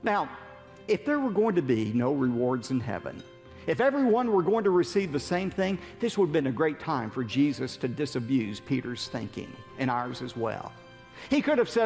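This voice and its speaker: A man preaching a sermon as an animated storyteller who asks rhetorical questions. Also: medium pitch, moderate pace, vocal fry, big-room sound, soft background music. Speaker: pastor.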